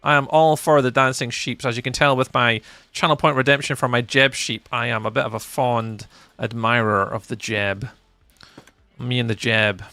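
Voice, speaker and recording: Chatty Scottish man streaming, gravelly. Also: medium pitch, steady tone, normal speed, sharp tone, no echo. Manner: chatty and playful, reading chat aloud. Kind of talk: casual live-stream chat.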